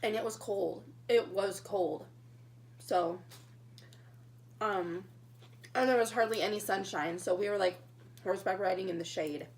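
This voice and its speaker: Chatty young woman with gravelly fry. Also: mid-range voice, unhurried, pauses often. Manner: chatty, animated storytelling while eating. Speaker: vlogger. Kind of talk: casual mukbang storytime.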